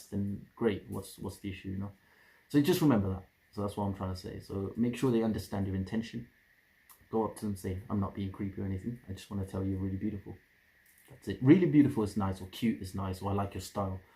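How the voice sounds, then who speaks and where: A man's voice: fairly low pitch, vocal fry, mellow, low-quality recording. A young man giving casual dating advice in a rambling way, often restarting and repeating his phrases.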